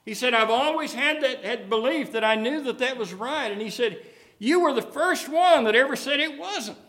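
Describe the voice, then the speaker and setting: Folksy high-voiced male preacher. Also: lively intonation, moderate pace, fairly bright tone. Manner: folksy, repetitive, many restarts. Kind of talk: sermon with storytelling.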